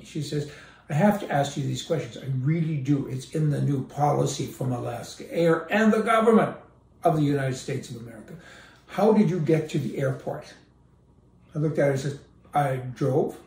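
Man, casual sarcastic commentator, gravelly voice, recorded in an echoey room away from the mic. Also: a little high, dark tone, recorded from a distance. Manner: sarcastic, storytelling with quoted dialogue. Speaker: political commentator. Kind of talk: casual political rant.

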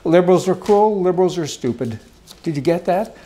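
A man delivers opinionated political commentary with a raised, higher-pitched voice. He rants emphatically, piling phrase on phrase and rambling off course. He talks indoors beside a fireplace. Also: animated, brisk, dark tone.

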